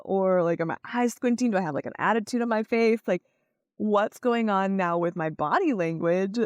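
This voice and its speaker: A woman hosting a podcast in a chatty, casual way, full of fillers and quick tone demos. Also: on the low side, no echo, studio quality. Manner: chatty, with many fillers, acts out tones of voice. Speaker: podcast host. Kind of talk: casual solo podcast talk.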